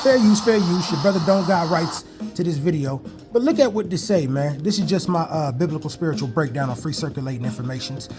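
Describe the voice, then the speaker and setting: A man preaching excitedly over news clips and scripture, calling out to listeners with "man" and "listen". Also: a little high, fairly quick, over music. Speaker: online preacher reacting to news videos. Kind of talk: live video reaction with scripture reading.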